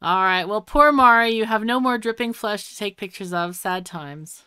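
A woman hosting and narrating a casual tabletop role-play game, playful and animated. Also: mid-range voice, moderate pace, clear, resonant tone, no room sound, studio quality. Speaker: game master and host.

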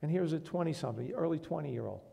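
A man's voice: on the high side, lively intonation, fast, vocal fry, warm tone. A man preaching a sermon to a congregation in a church, earnest, asking the room questions and rising to emphatic bursts. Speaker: pastor.

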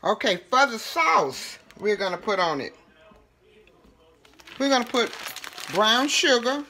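A woman's voice: a little high, animated, slow, bright, forceful tone, a little hiss or hum. A woman, chatting casually as she demonstrates home cooking. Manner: chatty, folksy, talks while working with food.

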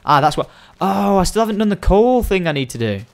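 A young man giving excitable, rambling let's-play commentary, coaxing and shouting at the game. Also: high-pitched, a little fast, gravelly. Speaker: gaming video host.

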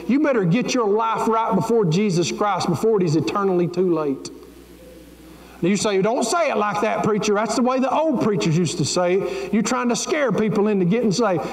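A man preaching a fervent, pleading sermon as pastor of his church. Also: high voice. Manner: fervent, pleading, folksy preaching with Southern grammar. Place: church sanctuary. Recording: echoey church sanctuary with long reverb.

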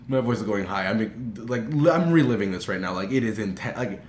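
Excitable young man telling a story. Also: moderate pace. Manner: rambling, filler-heavy retelling that surges into high excited shouts. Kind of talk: casual story time. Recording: roomy echo, faint background noise.

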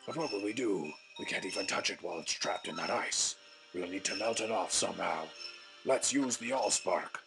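Brief: a man playing a grave, deep-voiced robot commander, slow and solemn, game music under it. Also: gravelly, a bit bright. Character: parody robot leader, male, solemn commanding.

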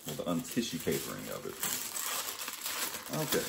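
A man vlogging a casual storytime and unboxing, animated, jumping between loud exclamations and muttered asides. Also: lowish voice, measured pace, gravelly, pauses often, echoey room, heavy background noise. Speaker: fashion haul vlogger.

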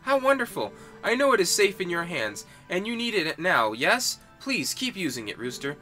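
A tender, earnest young village mother played by a man who talks in formal, old-fashioned words. She sits high in the voice, lively and rising, with a bright, forceful edge, over soft game music. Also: normal speed, full character voice.

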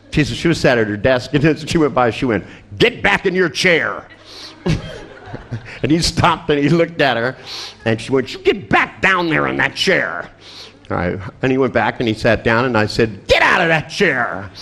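A man's voice: medium pitch, a bit bright. An older man telling a crude, funny story to a seminar audience. He laughs often and acts out the other people's lines. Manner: profane, laughing storyteller acting out dialogue. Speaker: seminar speaker.

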